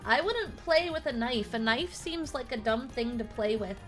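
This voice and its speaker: A woman streaming a video game, chatting excitedly with viewers, squealing and swearing when surprised. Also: on the high side, moderate pace. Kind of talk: casual live-stream chatter while playing.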